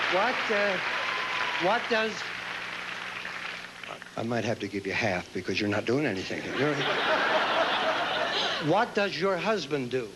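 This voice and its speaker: A man hosting a pageant, interviewing contestants on stage with quick, joking banter. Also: mid-range voice, sing-song, over a noisy crowd. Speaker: pageant host. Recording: noisy live stage recording.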